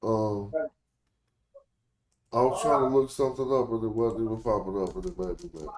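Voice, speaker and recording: A man's voice: on the low side, fairly even intonation, normal speed, a little mellow. A man hosting a casual live-stream lesson, explaining points conversationally and thinking aloud. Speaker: language teacher, stream host. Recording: roomy echo.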